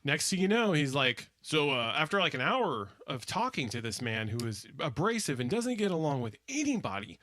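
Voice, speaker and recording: A man's voice: a little high, sing-song, moderate pace, hardly any pauses, a bit bright. A man co-hosting a podcast in loose, profane casual chat, laughing often. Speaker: podcast co-host.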